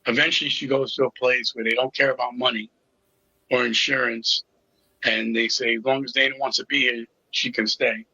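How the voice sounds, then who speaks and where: A man's voice: medium pitch, flat delivery, moderate pace, bright, forceful tone, slightly rough, dry recording, dull audio. A middle-aged man telling his personal story as an interview guest, candid and with a sarcastic sense of humor. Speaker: interview guest, recovery coach.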